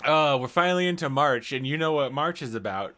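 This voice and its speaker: A man's voice: on the high side, lively intonation, a little fast, sharp tone. A man co-hosting a comedy podcast, chatting casually and joking with a laugh. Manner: jokey, laughs often. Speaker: podcast co-host.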